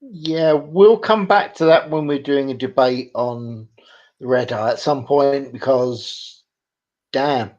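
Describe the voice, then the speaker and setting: A man co-hosts a casual chat in an unhurried, drawn-out way, dropping dry jokes. His voice sits at an ordinary pitch and comes through a muffled, lo-fi microphone. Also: a little mellow. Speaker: co-host. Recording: muffled lo-fi mic.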